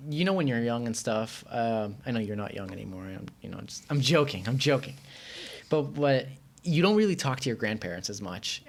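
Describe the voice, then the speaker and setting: A man from Iran, a podcast guest in casual chat, rambling and full of fillers like "like". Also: mid-range voice. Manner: rambling, filler-heavy, often says "like".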